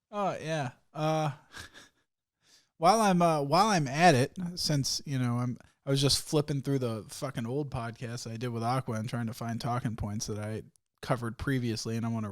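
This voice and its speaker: A young man hosting a solo podcast, telling stories in a rambling, profane way and laughing often. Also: mid-range voice. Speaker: podcast host. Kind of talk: casual solo podcast rant.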